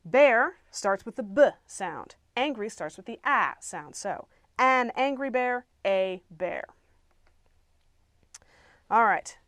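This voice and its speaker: A woman teaching an English grammar lesson, explaining clearly and patiently with playful asides. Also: a little high, animated, slow, pauses often, fairly bright tone, dry recording, studio quality.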